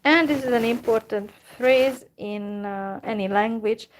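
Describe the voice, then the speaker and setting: Slow, careful woman teaching phrases. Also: a little high, slight background noise. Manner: slow and careful, repeats phrases, many fillers. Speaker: language teacher. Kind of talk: slow informal language lesson.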